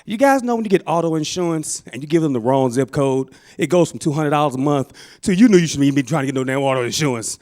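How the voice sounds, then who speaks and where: A man from St. Louis doing a stand-up comedy set on a club stage, animated and slipping into character voices. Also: fairly high pitch, fast. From St. Louis, Missouri.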